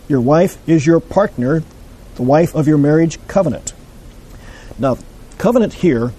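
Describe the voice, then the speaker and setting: Husky, mellow male Bible teacher; measured, explanatory delivery to a class. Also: a little high, poor audio.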